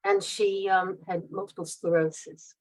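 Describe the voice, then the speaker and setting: Heard through poor audio, a woman in her fifties speaks a little slowly with a steady, medium-pitched voice. She's a guest author with a mid-Atlantic accent blending American and British, and she rambles through her stories in a relaxed interview, laughing frequently.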